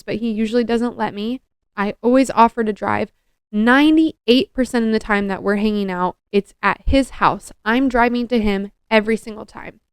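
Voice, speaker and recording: A young woman shares a personal story on her podcast in an earnest, confessional tone, with "like" scattered through her speech. Her voice is strikingly smooth and clear. The recording is dry and close, with no room sound. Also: medium pitch, dry recording. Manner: earnest, confessional, heavy use of "like". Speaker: podcast co-host.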